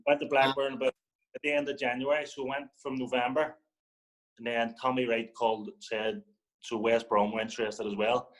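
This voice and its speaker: At medium pitch and moderate pace, a young football guest from Northern Ireland relates a story in casual chat over a rough recording. He's animated, using swear words and playing out other people's lines.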